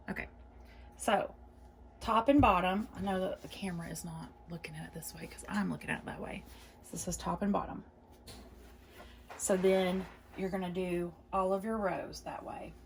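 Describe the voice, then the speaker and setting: Woman, casual quilting tutorial, chatty, repeats steps, encouraging, gravelly voice, faint background noise. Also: fairly low pitch. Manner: chatty, repeats instructions step by step; reassuring and encouraging. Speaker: quilting video host.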